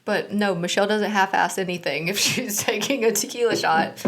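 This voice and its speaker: A woman's voice: medium pitch, normal speed, a crowd in the background. A woman interviewing her friend in a casual podcast chat, playful and teasing, with frequent laughs. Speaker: guest interviewer.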